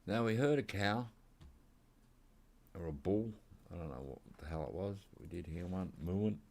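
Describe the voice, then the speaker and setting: A man's voice: deep voice, lively intonation, normal speed, creaky, darkish tone. An Australian man rambling casually while he plays a hunting game, drifting into side chat. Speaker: gaming channel host. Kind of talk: casual gameplay commentary.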